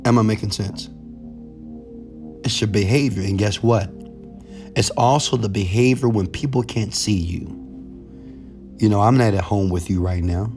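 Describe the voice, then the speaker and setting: A man giving a motivational monologue straight to camera, preachy and repetitive, building from low, confiding talk to loud exhortation. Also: measured pace, pauses often, soft background music. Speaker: motivational speaker.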